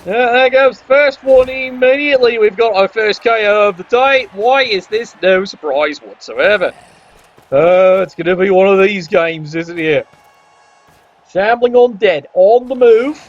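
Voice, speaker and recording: A man's voice: sits high, measured pace. A man doing wry, sarcastic play-by-play commentary on a tabletop sports video game. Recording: dull lo-fi audio.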